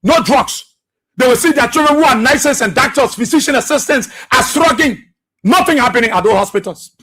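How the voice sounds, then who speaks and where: Husky high-voiced radio host. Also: male voice, lively intonation, a little fast, bright, forceful tone. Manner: preachy, impassioned, repeats phrases for emphasis. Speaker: radio talk show host. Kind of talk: political commentary.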